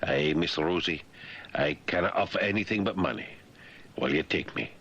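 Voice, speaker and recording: A man doing a bashful old Scotsman, pleading and low, dull lo-fi radio sound. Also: normal speed, vocal fry, fairly bright tone, full character voice. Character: old Scottish man, courting with money.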